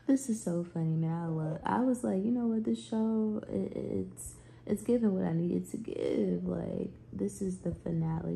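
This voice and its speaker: A sassy woman chats to her vlog viewers with a gravelly, creaky edge in her mid-pitched voice. She talks in a playful, slangy way. The home recording carries noticeable noise underneath. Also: a little slow, dark tone. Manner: sassy, playful, salty slang, frequent laughs. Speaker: vlogger. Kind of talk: casual chatty vlog.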